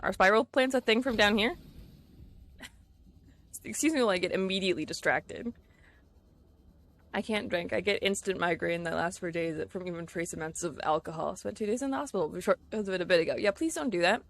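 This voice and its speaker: While playing a video game on stream, this English-speaking woman chats with her viewers, giggling and laughing easily and often losing focus. She talks fairly quickly in a creaky, mid-range voice.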